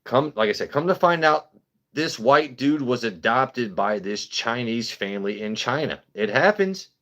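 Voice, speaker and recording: A man telling a story on a live stream in a loose, rambling way, with plenty of swearing and restarts. His voice sits in an ordinary middle pitch. He stays animated and conversational throughout. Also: measured pace. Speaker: host. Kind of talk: casual livestream storytelling.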